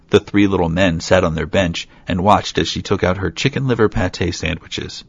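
A man with a very deep, gravelly voice reads a fairy tale aloud, steady, with light asides. His tone is husky rather than clear. The recording is dry, close and dull, with little top end. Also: normal speed, hardly any pauses, dry recording. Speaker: storyteller.

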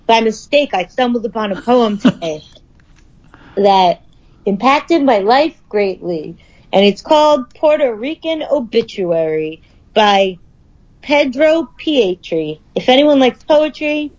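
A woman's voice: on the high side, lively intonation, slow pace, darkish tone, muffled recording. A woman in her thirties, a podcast co-host in casual chat, blunt and swearing, laughing often. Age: 30s.

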